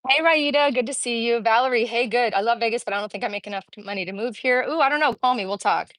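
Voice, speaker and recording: A middle-aged woman talks upbeat and chatty into a phone held as she walks a street outdoors. Her voice sits a bit high and sounds close and dry. She is slightly out of breath. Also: fast, a bit bright, dry recording, rough recording. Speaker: vlogger streaming live. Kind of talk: casual walking livestream chat. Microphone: phone held while walking.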